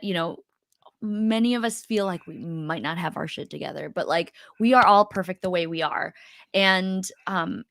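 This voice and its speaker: A woman's voice: medium pitch, fairly bright tone, no room sound, studio quality. A woman co-hosting a casual coaching chat, talking loosely with many fillers and restarts. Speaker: co-host.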